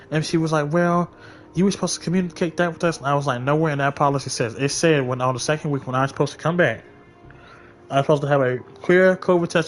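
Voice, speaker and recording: Guy streaming and venting, blunt, swears a lot, normal pitch. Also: slight background noise. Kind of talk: casual storytelling while gaming.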